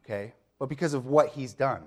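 A man's voice: mid-range voice, brisk, darkish tone. A middle-aged man preaching a sermon in a conversational way. He talks the congregation through the point step by step, asks rhetorical questions and checks in with a frequent "okay?". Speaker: pastor.

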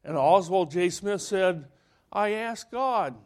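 Animated male preacher with a lively high voice. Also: takes it slowly. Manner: animated storytelling, acting out quoted voices. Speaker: pastor. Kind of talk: sermon.

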